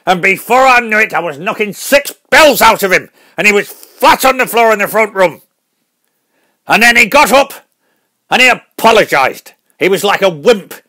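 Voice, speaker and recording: Man impersonating a bragging older fighter dad, gravelly and husky, high and bright, quick to blow up. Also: exaggerated voice. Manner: boastful, gets loud and worked up. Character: hot-headed older boxing dad, boastful brawler.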